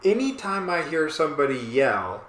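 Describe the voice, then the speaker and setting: A man co-hosting a casual podcast chat, talking in a rambling, animated way and often breaking off mid-thought. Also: a little high, moderate pace, slight background noise. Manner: rambling, animated, self-interrupting. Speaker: podcast co-host. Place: small apartment room. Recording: echoey room.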